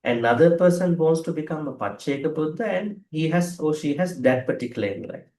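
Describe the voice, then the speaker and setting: A man, a Buddhist monk teaching an online scripture class. He explains slowly with fillers, gives blessings and chants in Pali at a quick pace. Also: fairly high pitch, lively intonation, a little mellow. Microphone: video call. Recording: echoey room over a video call.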